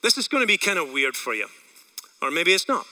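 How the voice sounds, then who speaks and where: A man with a Scottish accent preaching a sermon as a pastor. He talks in an energetic, conversational way and asks the congregation questions. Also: fairly high pitch, brisk, distant mic, rough recording. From Scotland.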